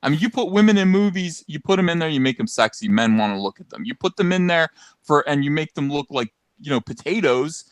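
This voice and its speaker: A man co-hosting a podcast, ranting in a loud, mocking, animated way with sarcastic asides, into a studio mic. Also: fairly high pitch, a little fast, no echo. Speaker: podcast co-host. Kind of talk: casual ranting commentary.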